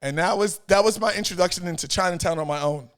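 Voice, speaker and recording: A middle-aged man, telling stories as an interview guest in an animated way, repeating phrases and acting out voices. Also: high voice, quick pace, smooth. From New York. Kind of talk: casual storytelling chat.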